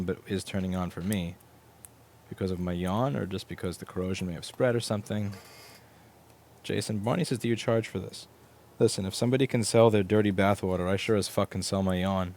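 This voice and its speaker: Low-voiced new york guy, wry jokey stream talk while fixing a laptop, swears a lot. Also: steady tone, brisk, a little mellow, slight background noise. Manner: wry, joking, swears casually. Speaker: repair technician streaming his work. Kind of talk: casual live-stream chat while working.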